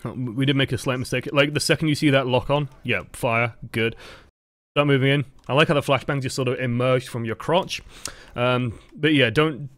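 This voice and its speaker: A man's voice: medium pitch, moderate pace, no room sound. Chill guy coaching over game footage, mid voice, lots of um and like, dry close sound. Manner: relaxed and rambling, lots of fillers, self-corrections. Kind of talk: casual gameplay review commentary.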